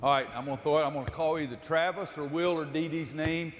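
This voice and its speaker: Basketball coach in an echoey gym. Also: male voice, on the high side, fairly even intonation, quick pace, background noise. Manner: calls out drill cues, then explains to the audience. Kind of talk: coaching clinic demonstration. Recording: echoey gym with long reverb.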